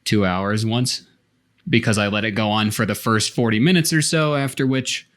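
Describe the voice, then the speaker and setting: A man's voice: fairly low pitch, moderate pace, fairly bright tone. A man co-hosting a podcast, explaining his thoughts at length in casual chat. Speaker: podcast co-host.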